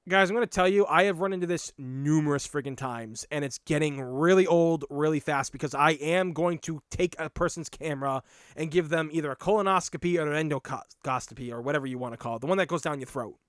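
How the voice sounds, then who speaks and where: A man with a Boston accent, hosting a podcast and telling stories in a blunt, animated, casual way with some swearing. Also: a little high, brisk, clear, resonant tone, dry recording, studio quality. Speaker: podcast host. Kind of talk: casual storytelling monologue.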